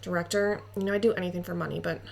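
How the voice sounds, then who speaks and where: A woman reading the lines of a greedy male mercenary from a game, muttering low. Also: steady tone, racing, vocal fry, a little mellow. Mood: grudging. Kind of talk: reading game dialogue aloud.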